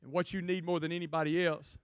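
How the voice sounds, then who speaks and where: A man preaching a jokey, animated youth sermon to a live student audience. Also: a little high, fast talker, smooth, no echo, clean studio sound. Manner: jokey, animated, acts out quotes in funny voices. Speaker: guest preacher.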